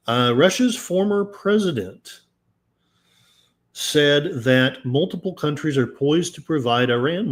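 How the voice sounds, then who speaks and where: Brief: male podcast host, unhurried, sarcastic asides between news read-outs, mid-range pitch. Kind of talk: casual commentary while reading news aloud.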